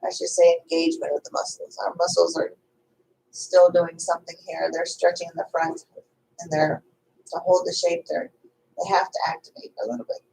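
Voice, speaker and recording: A woman yoga teacher, likely in her thirties, guiding a slow restorative yoga class in a calm, chatty way with fillers and small asides. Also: lowish voice, creaky, low-quality recording. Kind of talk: guided restorative yoga instruction.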